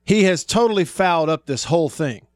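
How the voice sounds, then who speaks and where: Chatty Southern US radio host, higher voice. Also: male voice, lively intonation, brisk, no room sound, clean studio sound. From American South. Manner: chatty, laughs easily, rambling storyteller. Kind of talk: casual radio chat. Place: radio studio.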